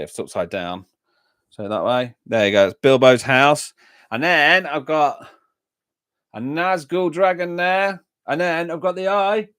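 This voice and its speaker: A man's voice: on the low side, a bit bright, no echo, studio quality. An Englishman hosting a music reaction livestream, rambling casually and answering viewers' comments with many fillers and restarts. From England. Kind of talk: casual chat, reading and answering live comments.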